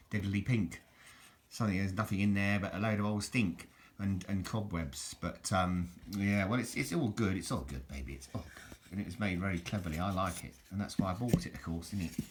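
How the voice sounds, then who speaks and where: A man's voice: low-pitched, normal speed. A middle-aged man, chatting in a jokey, rambling way while he shows things around his home kitchen on a handheld camera. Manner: chatty, jokey, self-interrupting. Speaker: vlogger. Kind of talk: casual rambling home vlog. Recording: home video with background noise.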